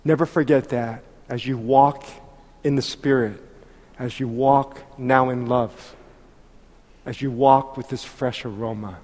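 A man in his fifties preaching a heartfelt sermon, swinging between loud exhortation and soft, intimate asides. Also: mid-range voice, fairly even intonation, measured pace. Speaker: pastor. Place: church hall. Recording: long reverb of a church hall.

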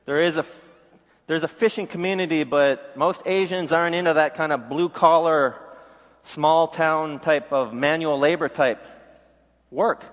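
A man's voice: a little high, steady tone, measured pace. A middle-aged man from the Pacific Northwest giving a conversational sermon, with a candid, folksy storytelling manner. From Pacific Northwest, USA. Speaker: pastor. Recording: reverberant hall.

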